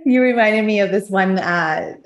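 Woman co-host, lively storyteller voicing quoted dialogue, recorded in a roomy space. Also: mid-range voice, normal speed. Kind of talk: casual chat. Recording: echoey room.

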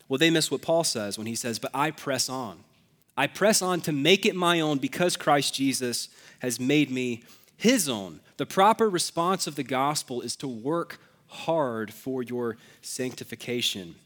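A man's voice: fairly high pitch, fairly bright tone. A young adult man preaching a sermon as pastor, conversational and self-deprecating, with casual asides.

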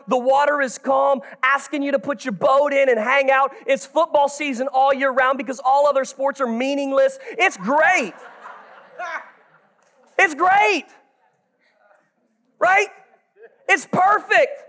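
A pastor preaching a sermon with passion, swinging from hushed, confiding moments to shouting, and talking straight to his congregation in a folksy way. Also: very high-pitched.

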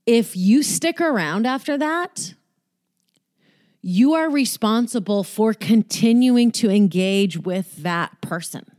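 A woman's voice: fairly high pitch, lively intonation, takes it slowly, darkish tone, no room sound, studio quality. A woman talking candidly about a painful relationship and self-worth, frank and profane, with many fillers and restarts. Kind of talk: candid personal talk.

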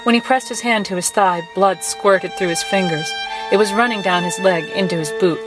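A woman narrating a story in a measured, expressive reading voice. A violin plays clearly beneath her. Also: mid-range voice. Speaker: podcast co-host reading passages. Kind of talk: dramatic audiobook narration. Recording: violin music underneath.

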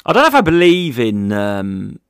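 A man's voice: mid-range voice, huge pitch swings, normal speed, clear, resonant tone, no room sound, clean studio sound. A man, a comedian hosting a casual solo podcast, rambling through jokey stories with plenty of swearing.

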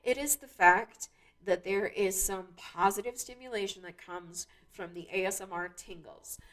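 A woman's voice: mid-range voice, normal speed, a bit bright. A woman hosting her own show, talking casually in a rambling way with many restarts and fillers. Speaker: podcast host. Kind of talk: casual monologue.

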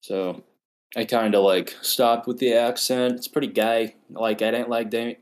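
A man's voice: mid-range voice, steady tone, measured pace. A young man from Australia co-hosting a casual podcast, joking and teasing with laughs. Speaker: podcast co-host. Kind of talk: casual crude podcast banter.

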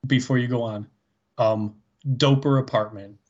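A man's voice: mid-range voice, fairly even intonation, a little slow, a little mellow, highs cut off. A man co-hosting a podcast in casual chat, laid-back, swearing casually and laughing along. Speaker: podcast co-host.

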